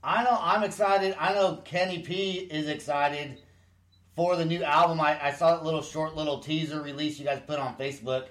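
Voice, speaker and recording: Excitable podcast host man, roomy sound. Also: fairly high pitch, moderate pace. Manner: excitable, rambling, laughs often. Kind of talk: casual interview chat. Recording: roomy echo.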